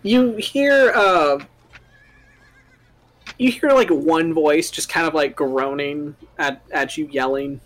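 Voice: mid-range voice, slow pace, a bit bright. A game master narrating a tabletop game, describing scenes in a loose, filler-heavy ramble.

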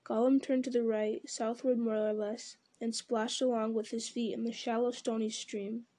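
Mellow-voiced woman reading a story aloud. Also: fairly high pitch, flat delivery, normal speed. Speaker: audiobook reader. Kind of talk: storybook narration.

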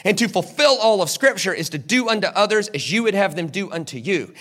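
A high-voiced male pastor delivers a brisk, animated sermon. He acts out the people in the story and asks the crowd questions before answering them himself.

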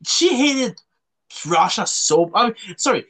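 A man's voice: very high voice, lively intonation, a little slow, fairly bright tone. A man from Canada hosting a casual podcast chat, rambling with lots of fillers and restarts. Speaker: podcast host.

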